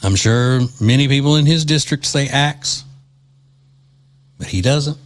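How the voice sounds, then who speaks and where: A man's voice: mid-range voice, a little slow. A man from Louisiana hosting a political talk show, delivering mocking, indignant commentary.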